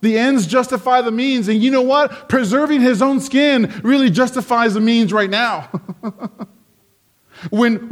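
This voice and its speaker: A man preaching an expository sermon, slow and deliberate, growing emphatic when quoting the crowd. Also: very high voice. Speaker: pastor.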